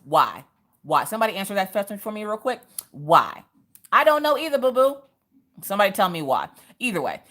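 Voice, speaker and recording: A woman hosting a casual crafting livestream, telling family stories in a lively, animated way. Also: a little high. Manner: lively storytelling, acting out family voices. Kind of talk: casual chat while crafting.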